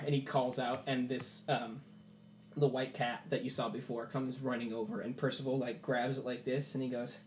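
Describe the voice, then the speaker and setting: A man runs a tabletop game, narrating scenes with animated, casual storytelling. His voice sits at an average pitch. The recording is roomy, with a faint hum behind him. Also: a little fast. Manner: animated storytelling, many "like" fillers. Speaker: game master.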